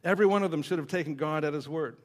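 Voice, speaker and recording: Man, pastor, sermon, storytelling, joking, fillers, fairly high voice. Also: very fast.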